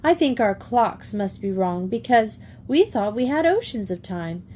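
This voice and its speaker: A woman's voice: on the high side, big pitch swings, unhurried, dark tone, a little hiss or hum. A woman voicing an irrepressible English schoolgirl, breezy and forthright. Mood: chirpy.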